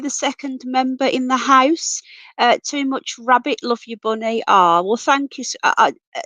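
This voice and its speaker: Woman, livestream host, affectionate and chatty, a cold taking her voice, pitched a touch high, dry close sound. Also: moderate pace, a bit bright, no echo. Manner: chatty, calls everyone darling and sweetheart. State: voice going, coming down with a cold. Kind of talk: casual live chat reading comments. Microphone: computer mic, off camera.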